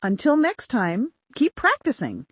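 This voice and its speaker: A woman with a modern British accent teaching pronunciation, modelling each sound slowly and carefully. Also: sits high, wildly swooping pitch, slightly rough, no echo. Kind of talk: scripted language lesson.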